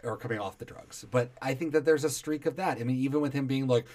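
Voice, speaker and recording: A man's voice: medium pitch, fast, darkish tone. A man co-hosting a casual podcast about a TV show, laid-back and swearing casually. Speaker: podcast co-host. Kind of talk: casual chat, TV episode recap.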